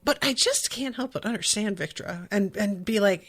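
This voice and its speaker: A woman's voice: mid-range voice, moderate pace, hardly any pauses, pushed and bright. Chatty woman podcast host. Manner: chatty, swearing, reads passages aloud with asides. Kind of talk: casual book recap and reading.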